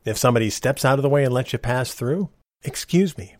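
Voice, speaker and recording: A middle-aged man talks through his podcast in a folksy, opinionated monologue that drifts into a friendly rant. His voice sits in an ordinary middle pitch. The recording is dry and close, with no room sound. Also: steady tone, fast, no room sound. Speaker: podcast host. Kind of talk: personal storytelling monologue.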